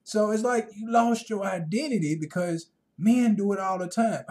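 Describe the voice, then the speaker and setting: A man ranting in a casual vlog monologue, rambling and repeating himself, growing loud and animated when he retells conversations. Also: high-pitched, moderate pace, few pauses. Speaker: vlogger.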